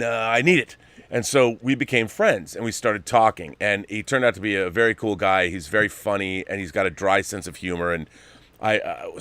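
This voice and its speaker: A man's voice: fairly low pitch, fairly bright tone, no echo. A man hosting a live online show, chatting loosely and reading out viewer messages. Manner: rambling, chatty, restarts. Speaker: show host.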